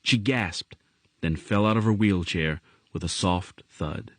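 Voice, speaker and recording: A man reading a novel aloud as audiobook narrator, in an expressive storytelling manner. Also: low-pitched, measured pace, dry recording. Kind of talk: scripted narration.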